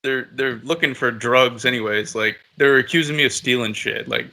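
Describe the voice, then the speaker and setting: Brief: man, very bright tone, easygoing podcast storyteller who curses freely. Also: medium pitch, fairly even intonation, normal speed, vocal fry. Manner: laid-back, swears often, laughs at own story. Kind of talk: casual storytelling.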